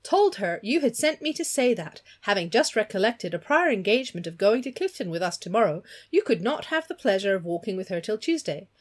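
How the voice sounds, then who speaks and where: A woman reading aloud voices a brash, boastful young man who talks in excited, high-pitched bursts. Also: fairly quick, few pauses.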